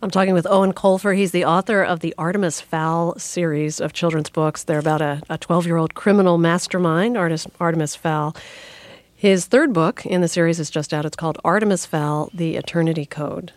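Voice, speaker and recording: Measured woman radio host, dry studio. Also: fairly low pitch, fairly even intonation, no room sound. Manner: measured, gently probing questions. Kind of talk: radio interview.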